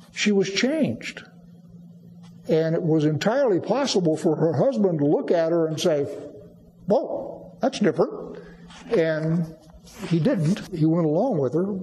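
A man's voice: fairly high pitch, warm tone, long reverb tail, slight background noise, poor audio. A man giving a sermon, explaining and teaching with emphatic repetition. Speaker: preacher.

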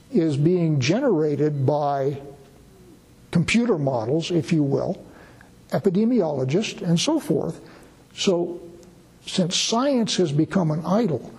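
Husky-voiced pastor preaching in a reverberant hall. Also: male voice, fairly high pitch, darkish tone. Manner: folksy, conversational preaching with asides. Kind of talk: sermon. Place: church gathering in a borrowed building.

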